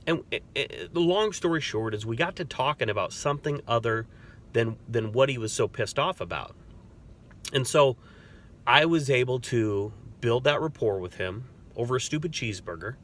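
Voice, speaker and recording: Man, corrections officer type, bright forceful voice, relaxed storytelling delivery. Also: medium pitch, normal speed. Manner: earnest, conversational, storytelling. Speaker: corrections officer and crisis negotiator. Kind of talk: casual advice talk with stories.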